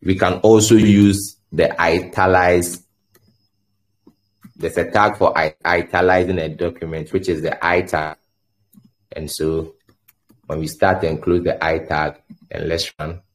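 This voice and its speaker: A man's voice: deep voice, flat delivery, a little slow, pauses often. A man giving a coding tutorial, explaining step by step and thinking aloud, often stumbling and repeating words as he types. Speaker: coding instructor. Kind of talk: screen-share tutorial explanation.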